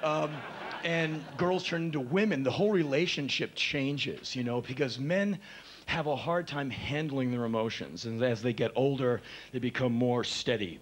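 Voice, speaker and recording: A man in his thirties doing a live spoken word stand-up monologue, intense and ranting, on a stage. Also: moderate pace. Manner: intense, ranting, acts out shrill voices.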